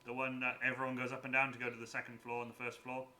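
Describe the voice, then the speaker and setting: Bright, animated man telling stories. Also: medium pitch, racing. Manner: animated, acts out voices in anecdotes. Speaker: cosplayer and stream host. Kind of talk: casual storytelling chat.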